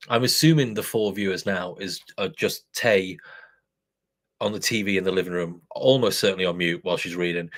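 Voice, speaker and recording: A man hosting a live beer review stream, rambling and self-deprecating with plenty of swearing. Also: lowish voice. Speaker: beer review channel host. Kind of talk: casual live-stream chat.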